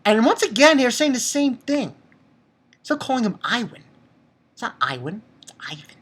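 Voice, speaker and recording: A man giving a casual, excitable spoken review of a manga chapter, swearing and repeating himself for emphasis. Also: extremely high pitch, normal speed, husky. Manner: excitable, profane, laughs often; repetitive, emphatic.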